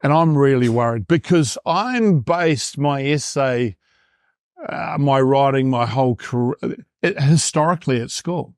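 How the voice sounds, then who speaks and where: A New Zealand man in his fifties, a performance coach, tells his story in an interview and acts out the thoughts he once had. His mid-pitched voice is unhurried and somewhat dark. The recording is clean and studio-quality with no room sound.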